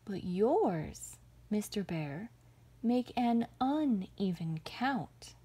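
A woman voicing a small, quick-witted male rabbit who talks in a coaxing, mock-sympathetic way, for a storybook. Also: mid-range voice, sing-song, dark tone, breathy edge, full character voice. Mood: sly.

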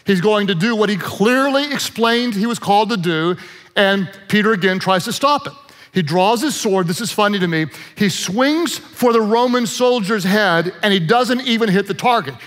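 A man's voice: high voice, normal speed, big-room sound. A man preaching a sermon as pastor, telling stories with joking asides. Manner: animated storyteller, joking asides.

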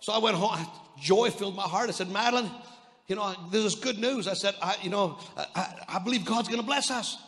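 A Canadian man in the pulpit, high in pitch, preaching an energetic sermon. He tells stories, acts out other people's lines, and trips over his words as he goes. His voice rings with the long reverb of a large church hall. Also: fairly quick. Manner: energetic preaching with repeated restarts and stammers; storytelling, quoting voices of others. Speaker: pastor.

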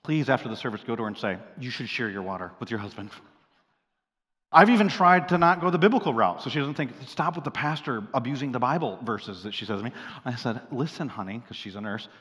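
Joking pastor preaching in a reverberant hall. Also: male voice, mid-range voice, quick pace. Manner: lively and joking, swings from loud to hushed. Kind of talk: sermon. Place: large church hall.

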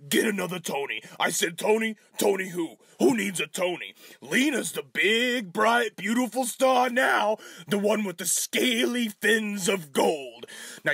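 A man's voice: high-pitched, creaky, a bit bright, slightly rough, no room sound, heavily acted. A man voicing a pushy, sleazy male aquarium boss who bullies and wheedles his star into working. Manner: fast, bullying, wheedling.

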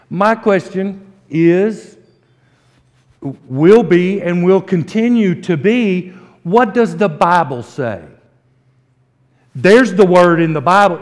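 A pastor delivers his sermon in an unhurried, emphatic cadence, leaning on homespun storytelling. His voice sits slightly high for a man. The sound carries a long reverb, as if captured in a church sanctuary. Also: animated. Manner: folksy storytelling, slow emphatic preaching.

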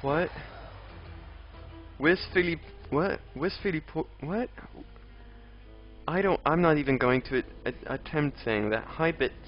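A man's voice: on the high side, a little slow, long pauses. A young man streaming a game live, chatting with viewers and grumbling at enemies. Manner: chatty, reads out and answers chat, exasperated outbursts at enemies. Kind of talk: live gameplay commentary. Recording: dull lo-fi stream audio with faint game music.

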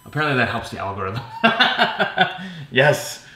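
A man's voice: medium pitch, big pitch swings, a little slow, pushed and bright. A man hosting a casual pinball vlog, ranting sarcastically with plenty of swearing and laughter. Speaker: pinball vlogger. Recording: roomy echo.

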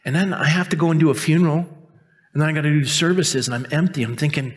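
In a church sanctuary, a male pastor in his fifties preaches a sermon in a slightly high voice at a fast clip. He's conversational and self-mocking, telling a personal story and acting out the voices of the people in it.

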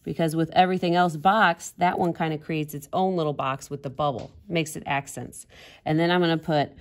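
A woman's voice: low-pitched, steady tone, a little fast. A woman art teacher giving a casual drawing demonstration, chatty and giggling at her own jokes.

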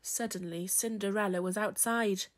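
A woman reading a children's picture book aloud, slow and expressive. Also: mid-range voice. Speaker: children's storyteller.

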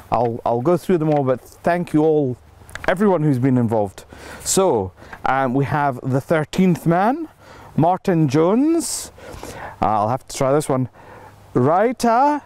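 A man who grew up in South Africa, reading a list of backers' names in a halting, casual update filmed outdoors in the cold. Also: on the high side, a little mellow. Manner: halting, reading names slowly with many fillers. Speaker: filmmaker thanking backers.

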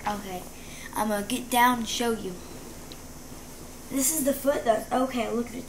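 A woman's voice: a little high, a little slow, pauses often, background noise. A female vlogger telling a dramatic story about her injured ankle to the camera, chatty and sometimes dropping into a whisper.

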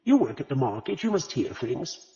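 A man's voice: mid-range voice, very animated, moderate pace, warm tone. A man voicing a blunt, impatient middle-aged woman detective in an audiobook. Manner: blunt and demanding. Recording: dull lo-fi audio with long reverb.

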